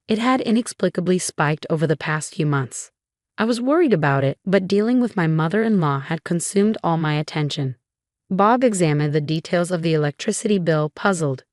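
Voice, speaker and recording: A woman reading a first-person story as narrator, in an even, measured way. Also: lowish voice, dry recording, clean studio sound.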